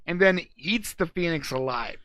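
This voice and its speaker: A man's voice: on the high side, lively intonation, moderate pace, bright, forceful tone, no room sound. A man from California co-hosting a show, joking and telling game matchups as loose, self-mocking stories. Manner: jokey, laughs at himself, loose storytelling. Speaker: co-host. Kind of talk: casual comedic chat, narrating game matchups.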